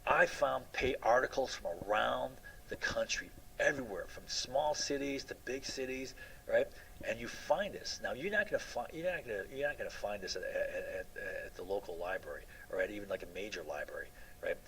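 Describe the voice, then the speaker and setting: A man's voice: mid-range voice, brisk, gravelly, a bit bright, slight background noise, poor audio. A man lecturing a class in a loose, rambling way, often asking "right?" and restarting his sentences.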